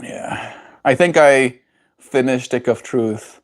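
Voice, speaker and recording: A man's voice: mid-range voice, slow pace. A man with a South African accent chatting casually on a livestream, rambling, chuckling often and reacting to viewers' comments. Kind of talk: casual live-stream chat.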